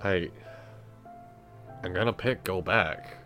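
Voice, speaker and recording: A man's voice: takes it slowly, faint music behind. A man playing a tabletop game who talks casually and jokes and laughs a lot. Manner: playful, laughing, very lively pitch. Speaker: player.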